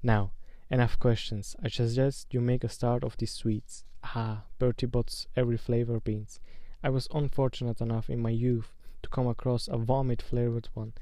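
A man voicing a whimsical, kindly old headmaster wizard who talks gently and dreamily. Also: mid-range voice, level tone, moderate pace, hardly any pauses, no room sound, natural voice. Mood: dreamy, wry.

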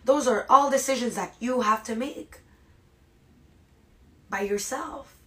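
A woman hosting a podcast, giving a motivational monologue straight to her listeners, dramatic and animated, with many rhetorical questions. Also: fairly high pitch, slow. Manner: animated and dramatic, acts out inner voices. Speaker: podcast host.

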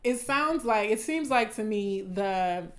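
A woman's voice: mid-range voice, animated, slow pace, fairly bright tone. A woman with a Southern accent giving casual, impassioned commentary to her viewers, repeating phrases for emphasis. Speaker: video commentator.

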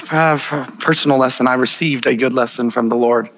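Gravelly man preaching with earnest warmth. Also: mid-range voice, steady tone, normal speed, few pauses, low-quality recording. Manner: earnest, chuckles often, frequent restarts. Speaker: pastor. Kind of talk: sermon with personal stories.

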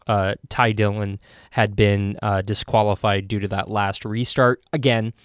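A man's voice: measured pace, clean tone, dry recording, clean studio sound. A man hosting a racing podcast, telling a story casually and animatedly, with many fillers. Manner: animated, many fillers, acts out quotes in a high shout.

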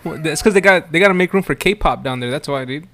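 A man's voice: on the high side, quick pace, bright, forceful tone. A man in casual group banter, joking and teasing his friends, swearing freely.

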